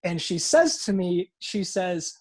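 Animated man telling stories, slightly high voice. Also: takes it slowly. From Utah. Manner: animated storyteller acting out quoted voices, frequent swearing and restarts. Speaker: podcast guest. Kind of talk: casual storytelling chat.

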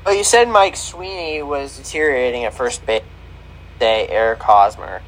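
A man's voice: mid-range voice, big pitch swings, normal speed, slight background noise, rough recording. A man co-hosting a casual podcast, teasing and sarcastic with his co-host and swearing freely. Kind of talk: casual chat.

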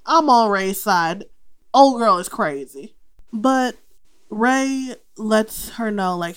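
A young adult woman hosting a casual movie podcast, talking in an animated, profane way and acting out the characters' lines. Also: medium pitch, slow, smooth. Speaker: podcast host.

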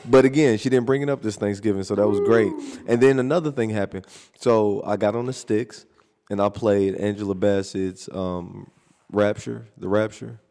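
A man co-hosting a podcast in casual chat, telling lively family stories and breaking into short sung snippets. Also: on the low side, normal speed, big-room sound. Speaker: podcast co-host.

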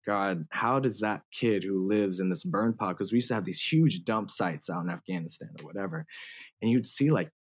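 A man with a lowish voice tells his story in a casual interview. He laughs a lot and uses plenty of slang and filler words. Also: normal speed, slightly rough. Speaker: guest musician.

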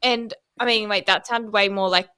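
Giggly bright-voiced woman. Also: mid-range voice, steady tone, moderate pace, clear, resonant tone, no echo. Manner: giggly storyteller, swears casually. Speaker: podcast co-host. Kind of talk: casual chat.

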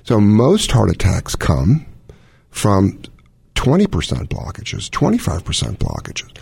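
A man's voice: lowish voice, huge pitch swings, a little slow, creaky, a little mellow, slightly rough, no echo. A middle-aged man, a cardiologist, explaining heart conditions in casual chat with analogies and quoted scenarios. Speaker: cardiologist host.

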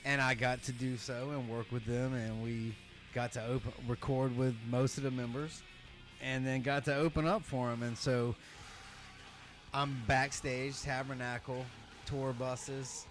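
A man, a drummer, telling a story in casual chat, animated and profane, acting out what people said. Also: mid-range voice, a little slow, soft background music. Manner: animated, profane, acts out quotes.

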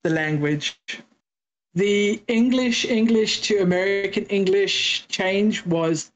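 A woman's voice: mid-range voice, slow pace, low-quality recording. Chatty South African woman. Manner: chatty storyteller, acts out exchanges with quoted voices. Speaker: podcast guest. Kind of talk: casual interview chat.

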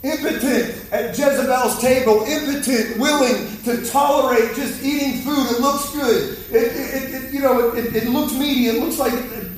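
A man's voice: very high voice, fairly even intonation, normal speed, few pauses, slight background noise. A man preaching a fiery sermon in a church, exhorting the congregation and calling for their response. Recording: echoey hall, mic from far off.

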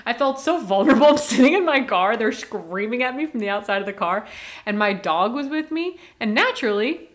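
Animated, swearing woman telling a story. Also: a little high, a little fast. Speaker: podcast co-host. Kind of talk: casual chat.

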